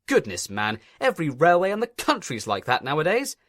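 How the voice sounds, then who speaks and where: A man's voice: on the high side, wildly swooping pitch, a little fast, a bit bright, no room sound, clean studio sound, pitched above the performer's own voice. A man voicing a pompous, stern male railway inspector who talks in a fussy, officious way.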